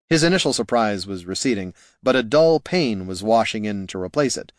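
A man's voice: on the low side, animated, a little fast, hardly any pauses, no room sound, studio quality. Wry male audiobook narrator.

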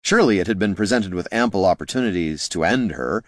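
A man reading a fantasy story aloud in a measured, wry narration. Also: low voice, expressive, no room sound, studio quality. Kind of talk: scripted audiobook narration.

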